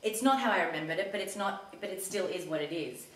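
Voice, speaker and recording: A woman telling a personal story in a casual talk to an audience, chatty and animated when she quotes herself. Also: fairly low pitch, fast talker, a little hiss or hum. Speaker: community talk speaker. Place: community centre hall. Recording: echoey hall recorded from a distance.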